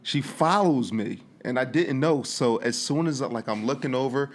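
A man's voice: medium pitch, moderate pace. A man animatedly telling a story in casual podcast chat, laughing through it.

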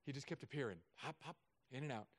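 A man preaching a sermon as a pastor, telling stories with self-mocking humor and often dropping to soft, quiet tones. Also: medium pitch, fast.

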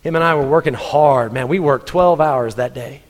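A middle-aged male preacher tells funny farm stories in an animated way and often laughs along with them. His voice sits a little high for a man. Long reverb trails off each line in the church hall. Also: normal speed. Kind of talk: humorous sermon storytelling.

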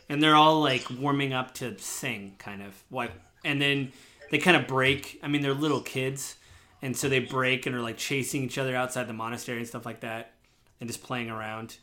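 A man's voice: medium pitch, bright, forceful tone. A man narrating as game master of a tabletop game, loose and rambling with lots of fillers.

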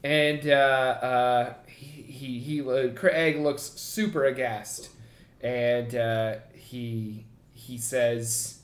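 A woman's voice: very deep voice, extremely slow. A woman running a comedic tabletop game podcast as game master, narrating with giggles and fillers. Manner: lively, giggly storytelling with fillers. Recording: roomy echo.

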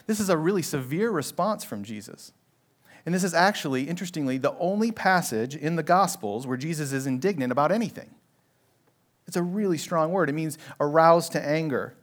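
A man's voice: a little high, lively intonation, fairly quick. Man preaching an earnest sermon. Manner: earnest expository preaching with conversational asides. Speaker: pastor.

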